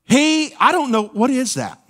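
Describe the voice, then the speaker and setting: A man's voice: very high-pitched, very animated, measured pace, a bit bright. A man pastor preaching a sermon in a church, folksy and playful, with call-and-response asides to the congregation. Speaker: senior pastor. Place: church sanctuary.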